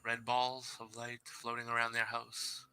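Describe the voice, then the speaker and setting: A man with a very bright, sharp tone hosts a casual live stream over a headset mic. He chats loosely, pokes fun at himself and reads scary stories aloud. Faint music plays behind him. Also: mid-range voice, monotone, measured pace, clear, resonant tone. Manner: loose, chatty and self-deprecating, laughs often. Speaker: live show host.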